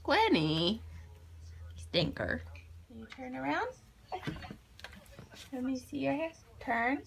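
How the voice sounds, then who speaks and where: A woman's voice: high voice, sing-song, slow pace, creaky, a little hiss or hum. A woman filming a small child at home, coaxing her in a sing-song voice. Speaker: family member filming a toddler.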